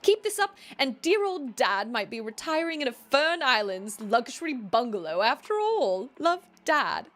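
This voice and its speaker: A woman's voice: high voice, sing-song, a little slow, hardly any pauses, fairly bright tone, voice pushed up, full character voice. A woman voicing a fond, doting father reading out his letter in a put-on British accent, chirpy and sing-song.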